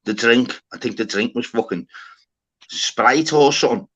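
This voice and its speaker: A man's voice: mid-range voice, normal speed, a bit bright, breathy edge. Guy telling a story, swears a lot, says lad and mate loads, dull sound. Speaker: livestream host. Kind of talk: casual chat.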